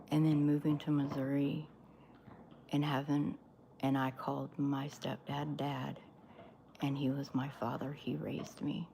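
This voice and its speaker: A woman speaks on a livestream in a low, gravelly voice, taking her time. She tells her own story earnestly and with emphasis, broken up by many pauses. Faint room sound sits behind her. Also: mellow, slight background noise. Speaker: livestream host.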